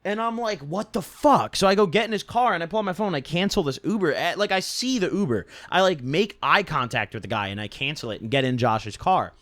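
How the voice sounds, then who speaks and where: A man's voice: a little high, lively intonation, quick pace, few pauses, a bit bright, no room sound. A young man casually telling a rambling, profane story from his own life and tagging his sentences with "right?". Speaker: storytime vlogger.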